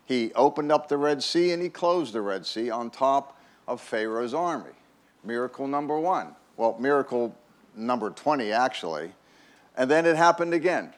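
A man preaching a conversational sermon as a pastor, folksy and chatty, often repeating words and checking in with "right?". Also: mid-range voice.

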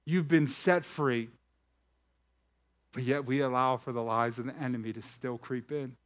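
A male pastor preaches to his congregation, his voice sitting at an ordinary middle pitch. He reads scripture passages aloud and breaks off to tease people in the room. His delivery is lively and conversational. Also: measured pace. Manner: animated preaching with jokes to the congregation. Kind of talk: sermon. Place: church hall with a live congregation.

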